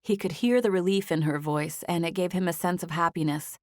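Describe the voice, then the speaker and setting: Her voice on the low side, a woman narrates a scripted audiobook with calm, even storytelling. The studio sound is clean, with no echo.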